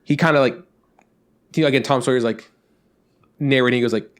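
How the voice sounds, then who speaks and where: Male podcast co-host, casual and animated, swears a lot while telling stories. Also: mid-range voice, fairly quick. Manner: animated storyteller, swears freely. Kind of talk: casual chat.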